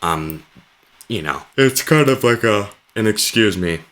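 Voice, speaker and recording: Guy ranting over clips, swears a lot, low pitched, bright edgy tone. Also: lively intonation, measured pace. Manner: sarcastic, rambling, swears a lot. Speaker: reaction video commentator. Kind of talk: sarcastic reaction commentary.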